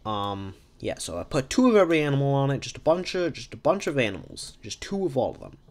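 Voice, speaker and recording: Man, mid-pitched, rambling improv storyteller, goofy and loose. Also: sing-song, fast talker, darkish tone. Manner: rambling, silly, self-correcting. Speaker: podcast host.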